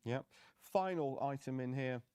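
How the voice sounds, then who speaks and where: A man, a museum curator, explaining objects in a relaxed, hesitant way. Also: mid-range voice, unhurried. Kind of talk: informal museum talk.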